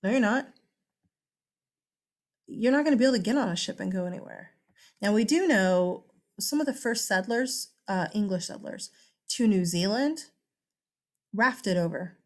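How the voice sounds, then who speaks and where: A woman teaching a class in a loose, conversational way. Her voice sits at an ordinary pitch, and she drops in teasing asides to the students as she goes. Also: animated, normal speed, pauses often, a little mellow. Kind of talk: casual classroom lecture.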